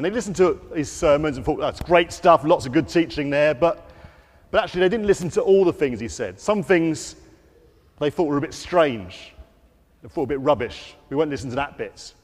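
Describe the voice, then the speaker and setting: A man with a fairly high voice gives an all-age talk in a church, speaking through a microphone. He tells the story to children in a lively way and acts out the quotes. His voice rings out with a long echo off the hall. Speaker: preacher. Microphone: wearing a microphone.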